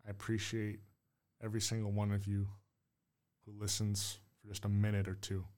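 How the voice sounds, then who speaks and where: A man's voice: on the low side, completely flat delivery, normal speed, a little mellow. A man hosting his own show, musing aloud in a rambling, unsure way full of hedges. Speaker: host. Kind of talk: casual solo monologue.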